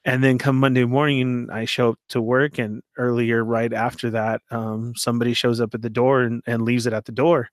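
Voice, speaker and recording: A man's voice: medium pitch, moderate pace, hardly any pauses, dry recording, studio quality. A man casually telling a long story, laughing often and acting out what people said. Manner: animated, laughs often, acts out quoted voices.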